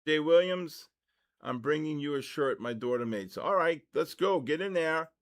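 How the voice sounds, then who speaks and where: An older man hosts a casual trading livestream, chatting loosely and breaking into excited shouts when the markets move. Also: on the high side, moderate pace.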